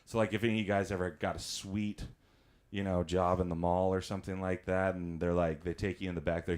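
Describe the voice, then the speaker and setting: A man's voice: low-pitched, level tone, a little fast, darkish tone. A man doing stand-up comedy, telling chatty stories, laughing at his own jokes and acting out voices.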